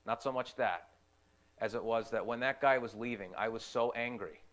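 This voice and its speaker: A young man gives a personal testimony at a middling pitch. He speaks earnestly and haltingly, often repeating a phrase before going on. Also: a bit bright. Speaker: youth ministry volunteer.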